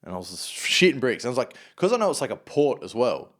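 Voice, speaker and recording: A man's voice: medium pitch, very animated, fast, a bit bright. A man as a podcast guest, chatting bluntly with crude slang and lots of swearing. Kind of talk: casual chat.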